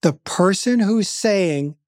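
A man's voice: high-pitched, animated, slow pace, darkish tone, dry recording, clean studio sound. A man speaking as a grief expert in an interview, telling stories in an earnest, emphatic way. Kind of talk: interview conversation.

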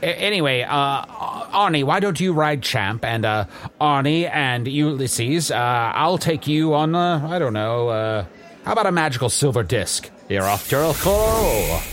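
A man's voice: medium pitch, animated, measured pace, a bit bright. A man playing a tabletop game in character as a wizard, exasperated and theatrical. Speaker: player.

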